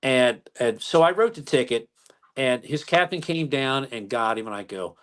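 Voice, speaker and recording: Middle-aged cop chief telling stories, easygoing folksy way, mid-pitched voice. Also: male voice, normal speed, slight background noise. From United States. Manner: folksy, animated retelling with acted-out quotes. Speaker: police chief. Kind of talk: conversational storytelling interview.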